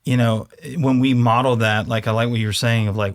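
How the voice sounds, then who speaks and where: A man's voice: mid-range voice, steady tone, fairly quick, dry recording, clean studio sound. Reflective father on a podcast. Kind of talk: casual podcast discussion.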